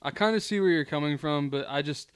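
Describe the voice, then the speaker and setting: Dude hosting a podcast, smooth voice, dry close sound, jokey and laughing a lot. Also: male voice, on the high side, fast, dry recording. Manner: joking, laughs often. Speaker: podcast host. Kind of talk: casual chat.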